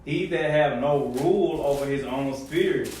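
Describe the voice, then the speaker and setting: A man reading scripture aloud in a plain, steady way. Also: a little high, moderate pace. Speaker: scripture reader. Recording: echoey, distant outdoor recording with faint noise.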